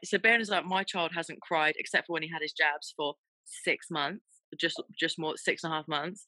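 Bright-voiced woman in candid chat. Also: sits low, no room sound, low-quality recording. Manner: laughing, candid storytelling. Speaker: podcast guest, fitness presenter. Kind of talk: casual chat.

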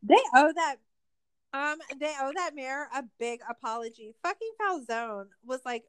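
A woman's voice: high-pitched, measured pace, no echo. A woman co-hosting a casual podcast, ranting with heavy profanity and sarcasm. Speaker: podcast co-host.

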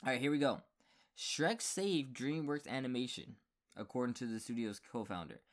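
A man's voice: medium pitch, normal speed. A man co-hosting a podcast in casual conversation. He reads out trivia facts and fills the gaps with ums and let's-sees. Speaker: podcast co-host. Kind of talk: casual chat.

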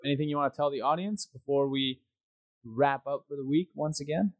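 A man's voice: fairly high pitch, a little fast, no echo, poor audio. Casual male podcast co-host, dry sound. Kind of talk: casual chat.

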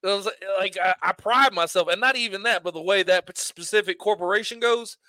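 A man in casual podcast chat, telling profane, animated stories about rude customers. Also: sits high, fairly quick, no room sound. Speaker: podcast co-host.

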